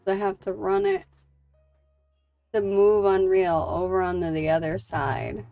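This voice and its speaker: A woman streamer talks unhurriedly about her day and her game, rambling from one thought to the next and laughing easily. Soft music plays faintly behind her. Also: medium pitch, steady tone, a little slow, no room sound, highs cut off. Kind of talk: casual chat while gaming.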